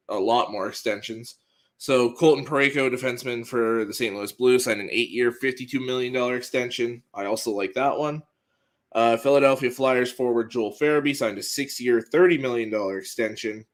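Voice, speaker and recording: A man's voice: medium pitch, normal speed. A man co-hosting a podcast, giving a casual sports news rundown in a plain, matter-of-fact way. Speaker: co-host reading the news.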